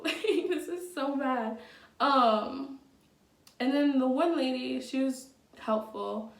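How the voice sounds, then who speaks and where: A young woman with a slightly high voice tells a casual story to camera, blunt, chatty and full of fillers and profanity. She sits back from the microphone. The room around her rings with echo. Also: slow, creaky, recorded from a distance. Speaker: vlogger. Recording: echoey room, from off the mic.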